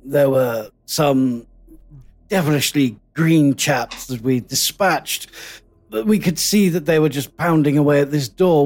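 A man's voice: on the high side, a little mellow, lightly acted. A man voicing a dry male adventurer who talks in a wry, understated way.

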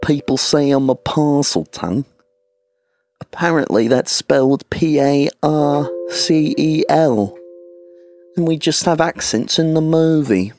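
A man's voice: fairly high pitch, slow, a little mellow, faint music behind, voice pushed up. A man playing a teen boy wizard who earnestly explains things.

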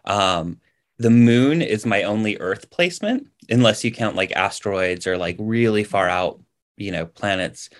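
A man speaking as a podcast guest over a video call, relaxed and rambling, with many ums and likes. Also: on the low side, measured pace. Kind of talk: casual interview chat.

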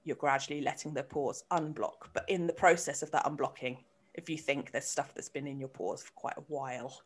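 Low-voiced woman in casual chat. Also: steady tone, fairly quick. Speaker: podcast co-host.

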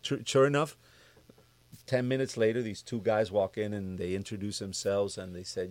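A man's voice: on the low side, moderate pace, dry recording. Man telling stories in a dry close sound. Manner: animated storyteller who acts out what others said. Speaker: guest music producer. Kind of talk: casual storytelling interview.

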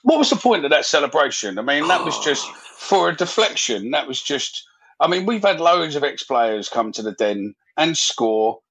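A man's voice: on the high side, sing-song, normal speed, fairly bright tone, slightly rough. Chatty man hosting a live fan show. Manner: easygoing, chatty, loose with fillers. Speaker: podcast host.

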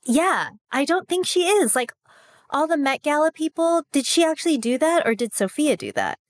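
A woman's voice: high voice, big pitch swings, no room sound. Curious woman co-host, dry sound. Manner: curious, asks quick questions. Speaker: podcast co-host. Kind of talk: casual gossip chat.

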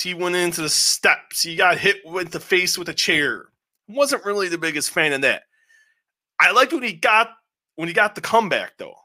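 Podcast co-host, male, bright voice, slightly high, loose rambling review with cursing. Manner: rambling, animated recaps with frequent swearing. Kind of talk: casual show review chat.

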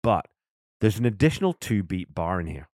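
A man's voice: lowish voice, sing-song, moderate pace, a little mellow, no echo, clean studio sound. A man, a drummer, casually and enthusiastically breaking down a song's rhythms, counting beats aloud. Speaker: drummer and host. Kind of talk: casual music breakdown commentary.

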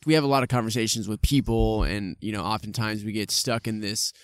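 A man talks as a podcast guest in a relaxed, thoughtful way, pausing and restarting as he works out his ideas. His voice is fairly low and very smooth. The recording is close and dry. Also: dry recording. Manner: relaxed, reflective, searching for words. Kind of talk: casual podcast chat. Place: outdoors in a park under a tree.

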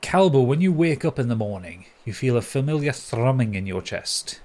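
A man narrating a tabletop game as game master, relaxed, with many ums as he describes the scene. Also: mid-range voice, moderate pace.

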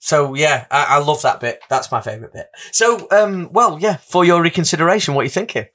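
A man's voice: on the high side, animated, a little fast, a bit bright. Male podcast co-host, eager and rambling, casual film talk. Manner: enthusiastic, rambling with restarts. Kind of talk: casual film review chat.

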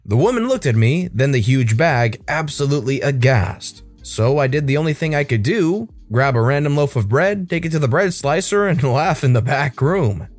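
A man reading online stories aloud, narrating in an expressive, animated storytelling manner. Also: mid-range voice, moderate pace, hardly any pauses, soft background music.

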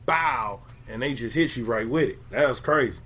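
A man's voice: medium pitch, moderate pace, a bit bright, breathy edge. A man co-hosting a casual comedy sports podcast, joking around with slangy, playful banter. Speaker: podcast co-host. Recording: faint background noise.

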